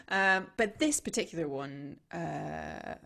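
Middle-aged female co-host, low gravelly voice, loose conversational delivery with restarts. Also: a bit bright. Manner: chatty, trailing off, restarts a lot. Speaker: podcast co-host. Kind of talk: casual chat.

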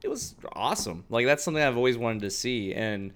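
A man's voice: medium pitch, expressive, fairly quick. A man co-hosting a sports podcast, speaking earnestly in casual chat with occasional stammered restarts. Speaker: podcast co-host.

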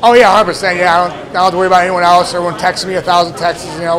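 A man's voice: high voice, steady tone, very fast, crowd noise. A man speaking as a fighter in a press scrum, brash and repetitive, swearing casually. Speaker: fighter at media day. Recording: noisy crowded media room.

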